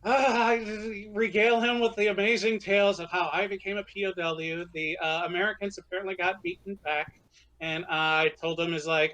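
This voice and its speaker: A man's voice: on the high side, steady tone, normal speed, pushed and bright, low-quality recording. A man playing a tabletop game, joking around and swearing casually. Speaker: player. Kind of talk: casual in-character chat.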